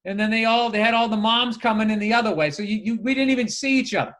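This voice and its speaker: High, bright, animated male podcaster. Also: fast. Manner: animated storyteller, swears a lot, acts out voices. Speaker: podcast co-host. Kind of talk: casual chat.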